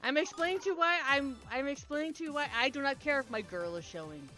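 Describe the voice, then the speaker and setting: A woman's voice: sits high, animated, fast, sharp tone, soft background music. A young woman streamer chatting casually to her viewers, candid and rambling, often laughing and swearing. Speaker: game streamer.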